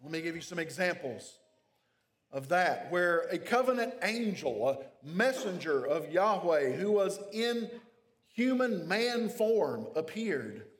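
A man preaching a sermon, reading scripture aloud and explaining it verse by verse with measured pauses. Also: high voice, sing-song, big-room sound. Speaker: pastor.

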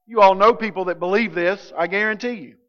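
High-voiced preacher in a reverberant hall. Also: male voice, brisk. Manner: animated, swings from loud emphatic to quiet low. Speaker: pastor. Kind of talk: sermon. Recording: dull lo-fi sound with long hall reverb.

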